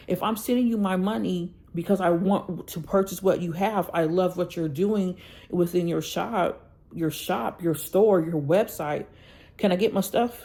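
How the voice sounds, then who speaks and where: In this casual ranting vlog, a woman whose voice sits on the low side, dark in tone and unhurried, vents about a bad order she received. She's a planner vlogger, angry and blunt, and keeps addressing her audience with "y'all" and "okay?"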